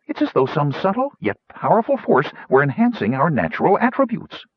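A bossy, fussy old gnome with a high, shrill voice that swoops up and down , as a man puts him on for an audiobook. He talks in a grand, declaiming way. The recording is dry and a little dull. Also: huge pitch swings, brisk, slightly rough, dry recording, exaggerated voice. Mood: musing.

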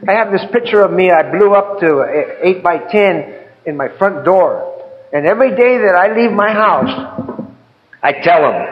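A man's voice: sits high, expressive, normal speed, muffled recording. An older man giving a heartfelt, rambling personal testimony about his recovery, often adding "man" and "you know". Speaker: recovery speaker.

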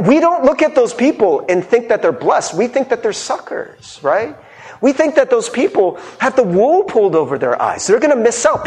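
A male pastor giving a sermon in a conversational, animated way, often mimicking people and laughing. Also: high voice.

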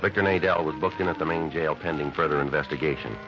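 A terse police detective, narrating the case and grilling suspects in a clipped, deadpan way in a 1950s radio crime drama. The voice is very deep and the delivery quick. It sounds like a dull, lo-fi old radio broadcast with music under it. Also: male voice. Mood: flat report. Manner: clipped, matter-of-fact, deadpan.

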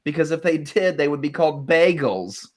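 A man's voice: fairly high pitch, animated, normal speed. A young man hosting a casual show, reading listener jokes aloud, laughing often and swearing casually. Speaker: show host.

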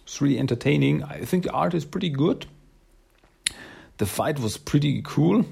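Gravelly, husky male podcast host. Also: a little high, lively intonation, moderate pace, a little mellow. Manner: rambling, upbeat, many fillers. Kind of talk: casual solo podcast talk.

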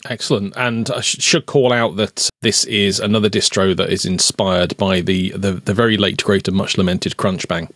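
A man with a low voice co-hosts a casual tech podcast. He speaks in a measured, polite manner, and the recording is dry and close. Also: fairly even intonation, a bit bright, no echo. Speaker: podcast co-host. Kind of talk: casual chat.

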